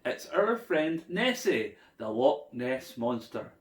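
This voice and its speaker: A man's voice: mid-range voice, sing-song, slow. A man voicing a group of eager, curious children in a story for kids. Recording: echoey room.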